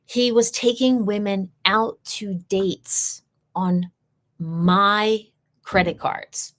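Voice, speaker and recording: A woman's voice: mid-range voice, steady tone, extremely slow. A woman hosting a live session, telling a personal story in an earnest way and repeating key phrases for emphasis.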